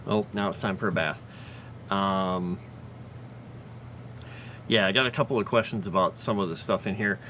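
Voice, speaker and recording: A man's voice: deep voice, normal speed, long pauses, sharp tone, a little hiss or hum. A man chatting casually on a livestream, talking fondly to his pet and his viewers. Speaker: livestreamer and fantasy lore writer.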